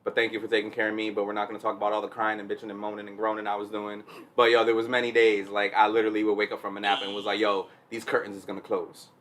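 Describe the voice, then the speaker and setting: A man's voice: lowish voice, monotone, very fast, fairly bright tone. A man on a casual podcast, telling a long story, laughing often and acting out quotes with raised voice. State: recovering from covid. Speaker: podcast co-host. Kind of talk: casual chat.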